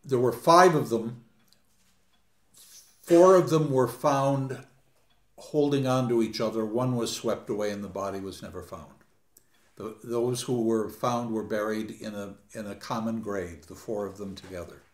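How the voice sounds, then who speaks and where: Slow, emphatic male lecturer in echoey hall. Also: lowish voice. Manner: emphatic, dramatic, wide swings in loudness. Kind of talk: conference lecture on poetry. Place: conference hall.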